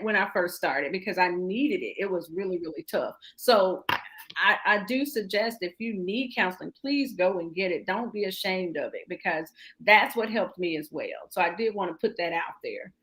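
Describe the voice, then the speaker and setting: A woman's voice: medium pitch, animated, normal speed, a bit bright, rough recording. A woman in her forties, a guest in a casual interview, talking candidly and laughing often. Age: 40s. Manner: candid, laughs often, repeats "really and truly".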